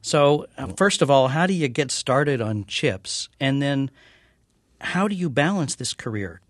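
Older male interviewer, mid pitch, dry close sound, chatty and wry. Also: expressive, a little slow, no room sound. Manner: chatty, wry, laughs easily. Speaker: interviewer, TV critic. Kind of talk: interview questions.

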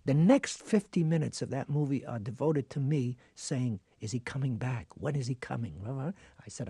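An older man, a guest actor, telling stories in an interview, animated, acting out voices and laughing. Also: mid-range voice, normal speed, few pauses, husky, no echo, studio quality. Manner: animated storyteller who acts out voices and laughs. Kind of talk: interview storytelling.

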